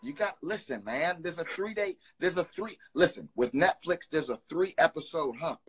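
A young man in his twenties hosting a phone live stream, chatting casually and teasing his callers with quick banter. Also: a little high, expressive, a bit bright, breathy edge. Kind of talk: casual live video chat.

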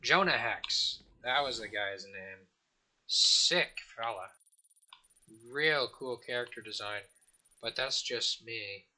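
A man's voice: mid-range voice, takes it slowly, sharp tone. A man hosting a let's play, telling a long joke and chatting casually in a rambling way. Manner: rambling, joking storyteller with fillers and restarts. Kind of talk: casual gameplay commentary.

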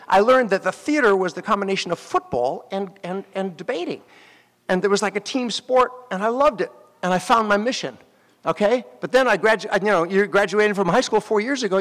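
A man, an actor, giving a graduation speech and telling animated stories straight to the graduates at the ceremony. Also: high-pitched, a little fast. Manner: animated storytelling, addressing graduates directly. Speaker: commencement speaker. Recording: long hall reverb.

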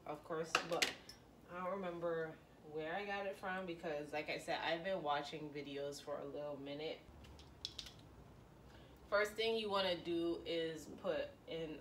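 A woman's voice: lowish voice, roomy sound, distant mic, background noise. A young woman vlogging in a casual, chatty and dramatic way, talking straight to her viewers. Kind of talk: casual vlog chat.

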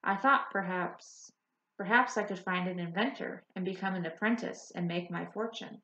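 A woman's voice: fairly low pitch, moderate pace, sharp tone. A woman voicing an earnest young woman who longs to be an inventor, pleading and restless in an audiobook. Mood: eager. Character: eager young woman, anxious dreamer wanting to invent. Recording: roomy, slightly dull audiobook recording.

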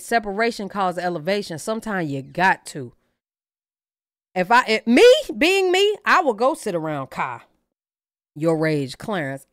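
A woman hosting a reaction channel, giving blunt, profane, animated opinions in casual commentary. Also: medium pitch, clean tone, no echo, clean studio sound.

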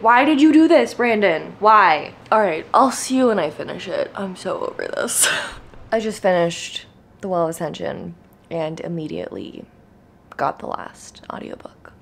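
Young female book vlogger, casual and emphatic, frustrated ranting delivery. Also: medium pitch. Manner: exasperated, emphatic, animated ranting. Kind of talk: casual vlog rant.

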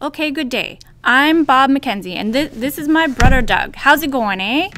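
A woman's voice: high-pitched, lively intonation, moderate pace, a bit bright. A woman playing a goofy Canadian hoser brother, speaking with a Canadian accent and stammering, tacking "eh" onto her lines. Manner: hammy, stammering, tacks on "eh". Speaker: library staff. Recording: noisy amateur recording.

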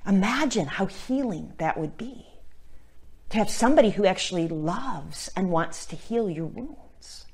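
A woman's voice: mid-range voice, animated, unhurried, slightly rough. Earnest woman speaking on faith. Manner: earnest, tags points with "right?"; moves between emphatic and hushed, near-whispered delivery. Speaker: Catholic missionary and speaker. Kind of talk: spoken reflection on faith.

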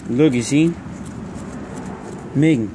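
A man's voice: mid-range voice, very slow, warm tone, slight background noise. A teenage boy pulling a prank on a friend, teasing and goading him in casual banter. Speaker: prankster vlogger.

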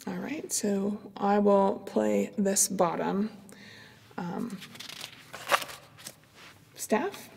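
A middle-aged woman, a clarinet professor, calmly explaining practice strategies in an instructional demonstration. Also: mid-range voice, drawn-out words, creaky, long pauses, slightly rough, long reverb tail. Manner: calm, explanatory, with fillers.

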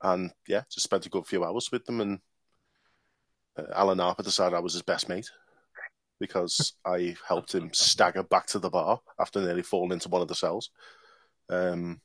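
A man co-hosting a football podcast, telling a story in a relaxed, dry way with lots of ums. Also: low-pitched, moderate pace, husky, dry recording. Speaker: podcast co-host. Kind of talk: casual storytelling.

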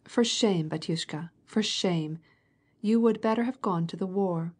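A woman's voice: lowish voice, unhurried, breathy edge. A woman reading the part of a stern, outspoken fifty-year-old woman in an audiobook, blunt and scolding. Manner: scolding, outspoken, mock-gentle teasing.

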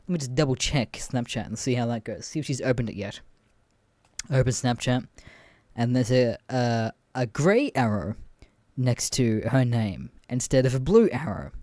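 In studio-quality audio with no echo, a young man hosting a podcast casually recounts dating stories, swearing and laughing plenty. His voice is medium-pitched and mellow, at normal speed.

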